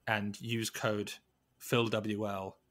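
A man with a low voice talks reflectively in a podcast interview. He speaks haltingly, circling back and restarting his sentences as he works through his thoughts. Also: level tone, fairly bright tone. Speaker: podcast guest, weightlifting coach.

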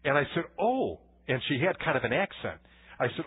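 Husky preaching man on tinny audio. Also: medium pitch, lively intonation, brisk. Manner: conversational preaching with anecdotes and frequent restarts. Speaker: pastor. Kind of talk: sermon. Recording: tinny phone-like church recording.

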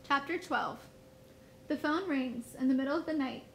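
A woman teacher reading a first-person novel aloud in a steady storybook manner. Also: high-pitched, moderate pace, slight background noise, rough recording.

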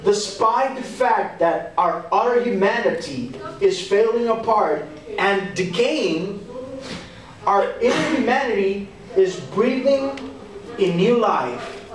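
Lively young youth pastor in an echoey hall. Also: male voice, sits high, far from the mic. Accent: Texan. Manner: animated, conversational, acts out quotes. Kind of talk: youth sermon. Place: church hall. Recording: echoey hall, speaker off-mic. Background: audience answering now and then.

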